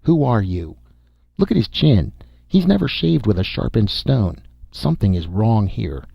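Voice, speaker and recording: A man reading aloud, voicing a hard, demanding older male Martian official with a sharp, suspicious manner. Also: on the low side, sing-song, a little slow, creaky, husky, no room sound, heavily acted. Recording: dull, lo-fi dry recording.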